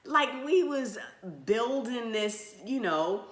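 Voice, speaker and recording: A woman's voice: fairly high pitch, slow pace, reverberant. A woman co-hosting, dramatically telling a funny story in casual chat and laughing often. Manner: dramatic, animated, laughs a lot. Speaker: co-host telling their story.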